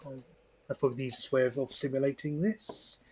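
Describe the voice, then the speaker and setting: A woman's voice: very deep voice, fairly even intonation, quick pace, mellow, a little hiss or hum. A woman narrating a tabletop game as game master, laughing often and tripping over repeated words.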